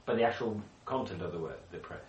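A man teaches a Bible study group, often turning to them with questions and restarting his sentences. His voice sits very low. He is picked up from a distance in an echoey room, with a faint hum of ambience behind him. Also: fast, darkish tone, highs cut off. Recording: echoey room, speaker far from mic.

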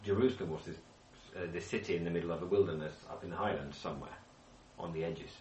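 A man teaches a Bible study group, often turning to them with questions and restarting his sentences. His voice sits very low. He is picked up from a distance in an echoey room, with a faint hum of ambience behind him. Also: fast, a little mellow. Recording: echoey room, speaker far from mic.

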